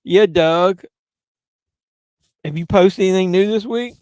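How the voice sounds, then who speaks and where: A tipsy live-stream host rambles through a movie watch-along, swearing casually and answering his viewers' chat. His slightly high voice is smooth, resonant, and darkish in tone, and he keeps a measured pace. The recording is dry and close, with no room echo.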